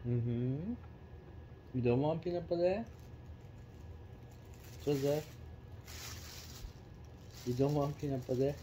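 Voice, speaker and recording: Guy baby-talking his bird, slow and mellow, little bit of hiss behind. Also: medium pitch. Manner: coaxing, sing-song, repeats questions. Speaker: pet owner talking to his cockatoo. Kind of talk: baby-talk to a pet bird. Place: home with a pet bird.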